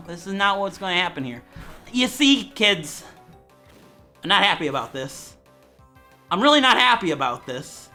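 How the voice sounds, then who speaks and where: A man commentating a video game from home with a bright, forceful voice that keeps jumping into excited shouting. He jokes with his viewers between outbursts while faint game music plays underneath. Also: sits high. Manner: loud, jokey, swings into shouting. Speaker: Let's Play host.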